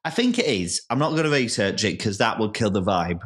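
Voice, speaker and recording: A man hosting a casual podcast chat, talking loudly and excitably, rambling with lots of restarts. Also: lowish voice, a little fast, slightly rough. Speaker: podcast host and comedian.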